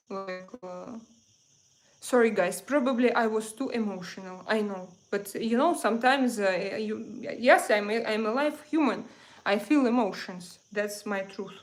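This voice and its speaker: A Russian woman in her thirties with a Russian accent, chatting casually with viewers on her livestream and reading out their comments. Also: medium pitch. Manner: chatty, reads out viewer comments, quick to get heated. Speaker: livestream host.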